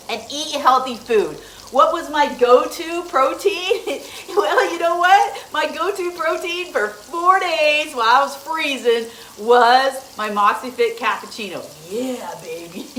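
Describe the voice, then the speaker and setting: A woman's voice: sits high, a bit bright, slight background noise. A middle-aged woman hosting a casual cooking demonstration in her home kitchen, chatty, laughing often and talking straight to viewers. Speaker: host. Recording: echoey room with faint sizzling. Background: food sizzling in a pan.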